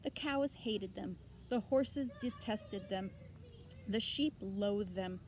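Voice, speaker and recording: A woman's voice: medium pitch, slow pace, darkish tone, slight background noise. A woman teacher reading a children's novel aloud expressively, with asides to her listeners.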